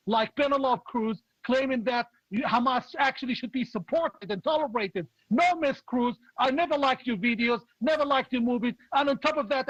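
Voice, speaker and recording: A man, a political opposition leader, speaking in forceful, indignant commentary and repeating his key points. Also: very high-pitched, dry recording, muffled recording. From Palestinian, raised in Jordan.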